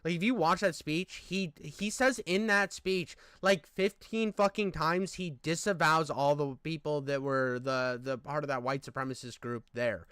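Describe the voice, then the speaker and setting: A man's voice: fairly high pitch, moderate pace, hardly any pauses, a bit bright, clear, resonant tone, no echo. A young man reacting to a video in a heated, profane rant, full of fillers and restarts. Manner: profane, ranting, exasperated, lots of fillers. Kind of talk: heated casual commentary.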